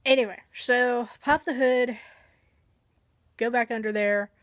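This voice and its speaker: A woman's voice: fairly high pitch, steady tone, measured pace, no echo. A woman vlogger casually telling a long everyday story, chatty and self-deprecating, acting out her own thoughts as she goes.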